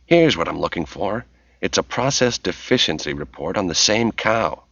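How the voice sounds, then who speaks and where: A man's voice: low voice, animated, normal speed, creaky, a bit bright, husky, no room sound, muffled recording, exaggerated voice. A male audiobook narrator voicing a nervous young man caught snooping through files.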